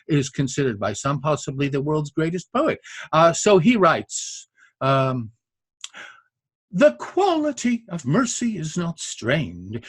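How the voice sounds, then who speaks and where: An older man lectures eagerly on poetic meter, his voice husky and breathy. It climbs high and swoops widely as he chants out rhythms and stops for uhs, recorded close and dry. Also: dry recording. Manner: enthusiastic, scats rhythms aloud with many uhs. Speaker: poetry podcast host.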